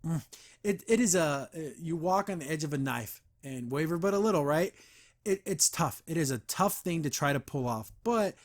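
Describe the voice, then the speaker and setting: Male podcast host, slightly high pitch, earnest rambling comic review delivery. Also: expressive, moderate pace. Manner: earnest and rambling, frequent restarts and fillers; gets heated about the veterans system. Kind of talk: casual comic review chat.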